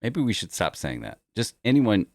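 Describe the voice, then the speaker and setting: A man with a very low voice hosts a relaxed chat show and laughs easily. The sound is dry and close. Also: moderate pace, no echo. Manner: easygoing, laughs often. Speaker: podcast host. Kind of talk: casual chat.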